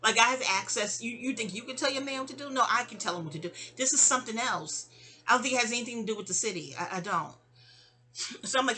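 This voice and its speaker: A woman, telling a personal story in an animated, digressive, sassy way. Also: medium pitch, brisk, slightly rough. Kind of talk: casual storytime monologue.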